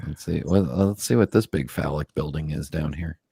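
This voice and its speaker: A man's voice: rumbling low, normal speed, creaky, mellow, husky, no room sound, clean studio sound. A man from Southern California, co-hosting a casual group chat and joking as he points things out on a map. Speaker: co-host.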